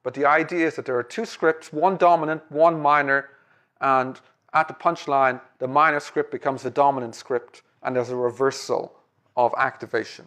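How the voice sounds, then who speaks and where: A man's voice: mid-range voice, fairly even intonation, moderate pace, fairly bright tone. A man giving a lecture in a conversational way, with frequent fillers and tag questions.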